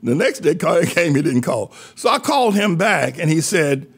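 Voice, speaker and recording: Older man, pastor, gravelly husky voice, fairly high pitch, animated storytelling. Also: moderate pace. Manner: animated, acts out quoted callers in his own voice. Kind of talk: preaching storytelling.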